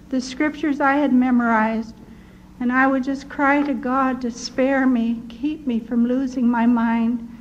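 An older woman giving an earnest personal testimony, telling her story in a measured way with restarts. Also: on the high side, darkish tone. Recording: dull lo-fi recording with faint noise.

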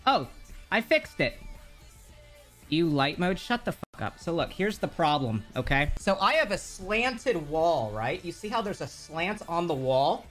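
A man streaming live from his home bedroom, chatting casually, excitable and swearing, quick to get frustrated. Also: a little high, faint music behind. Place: home bedroom with a slanted wall. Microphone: streaming mic, moving off-camera at times.

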